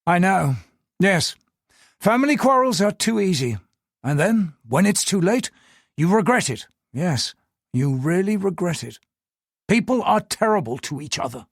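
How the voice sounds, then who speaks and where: A man puts on a brooding older colonial governor, his voice pitched up and swinging widely. He speaks in a clipped, upper-class way with a husky edge. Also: sing-song, measured pace, no room sound, studio quality, heavily acted. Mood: melancholy.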